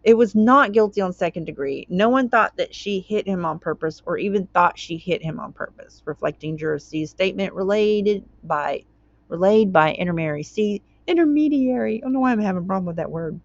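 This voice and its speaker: A woman's voice: fairly low pitch, a little fast, hardly any pauses, no room sound, muffled recording. A woman hosting her own channel, reading a court document aloud and commenting on it in a chatty way, tripping over words and wandering into tangents.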